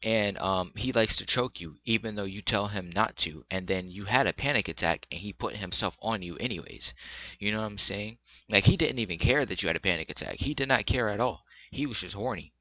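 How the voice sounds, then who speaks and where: A man's voice: fairly low pitch, a little fast, sharp tone. A young man giving blunt, rambling relationship advice in casual, slang-filled commentary.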